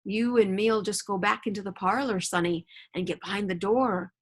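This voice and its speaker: A woman voicing a gruff old male pirate who swings between fawning and sneering, read aloud from a storybook. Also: medium pitch, normal speed, close to an everyday voice. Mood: wheedling.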